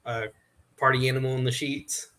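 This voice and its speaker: Channel host: man, hesitant, casual talk full of restarts, mid pitch. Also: flat delivery, normal speed, pushed and bright. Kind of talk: casual chat.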